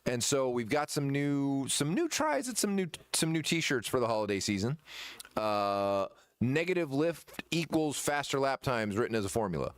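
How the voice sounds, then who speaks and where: A man who runs a shop, chatting casually in a rambling, halting way with many fillers and restarts. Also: mid-range voice, animated, clean tone, no echo, clean studio sound. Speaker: shop owner presenting merchandise. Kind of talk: casual chat.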